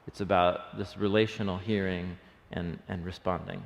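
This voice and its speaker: A deep voice with vocal fry runs at normal speed with few pauses as a man leads an early-morning Bible study in a church room. He's enthusiastic and conversational, thinking out loud with plenty of fillers, all under the long reverb of a hall.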